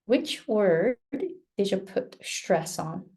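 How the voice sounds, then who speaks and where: Slow, mellow-voiced Japanese pronunciation coach. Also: female voice, medium pitch, lively intonation, creaky. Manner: slow, patient, models words for learners to repeat. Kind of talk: live pronunciation lesson.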